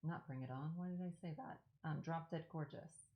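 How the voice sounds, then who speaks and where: A woman with a deep voice chats at a moderate pace on a casual live stream, answering viewer questions while she works on a craft. She rambles, corrects herself, and gets enthusiastic about films, and the recording sounds muffled.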